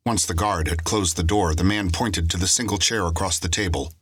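Deep husky male audiobook narrator. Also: brisk, fairly bright tone, no echo, clean studio sound.

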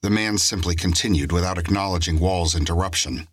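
A man reads a crime story aloud in steady, scripted audiobook narration. His voice sits very low with a husky grain. The sound is dry and close. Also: fairly quick, dry recording.

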